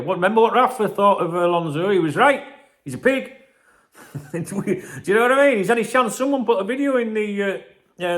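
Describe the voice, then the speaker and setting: A man's voice: sits high, a bit bright. A man hosting a football channel, ranting and rambling in casual, sweary banter.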